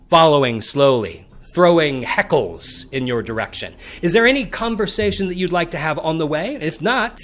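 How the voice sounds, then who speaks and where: A man narrates a tabletop game as dungeon master, his pitch rising and falling in a lively way. He talks slowly and descriptively and sometimes restarts his sentences.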